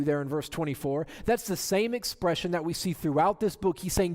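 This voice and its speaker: A man's voice: sits high, a little fast, few pauses, darkish tone, in a large hall. A man preaching a sermon, retelling scripture dramatically and asking rhetorical questions. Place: church sanctuary.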